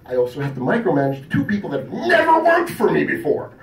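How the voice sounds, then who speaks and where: A man's voice: a little high, fast, vocal fry. A man telling crude stories on a convention stage, acting out the people in them. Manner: animated, crude, acts out the people in his stories. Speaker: comedian telling a story on stage. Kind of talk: stand-up storytelling. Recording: echoey room, mic from a distance.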